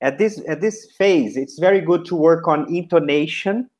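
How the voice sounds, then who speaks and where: A man giving feedback to a trainee teacher, modeling classroom instructions in short, deliberate chunks. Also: a little high, a little mellow.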